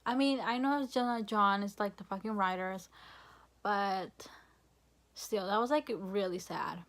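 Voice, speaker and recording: A woman's voice: medium pitch, unhurried, fairly bright tone. A young woman vlogging a casual, rambling rant, frustrated and full of fillers and swearing.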